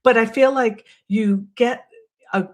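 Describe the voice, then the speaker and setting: A woman's voice: a little high, takes it slowly, a little mellow. A woman with a Boston accent hosting a casual livestream, chatty and rambling, poking fun at herself. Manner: chatty and rambling, self-deprecating. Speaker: livestream host.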